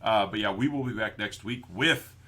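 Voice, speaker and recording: A man's voice: fairly low pitch, normal speed, sharp tone, breathy edge. A man co-hosting a podcast in casual chat, laughing often and quoting movies. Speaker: podcast co-host.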